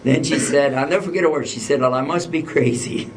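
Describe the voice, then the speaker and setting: A man's voice: medium pitch, fast talker, a little hiss or hum. Guy lecturing, telling a funny story, acts out the back and forth, mic a bit far off. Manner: humorous, anecdotal, acts out dialogue. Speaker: religious lecturer.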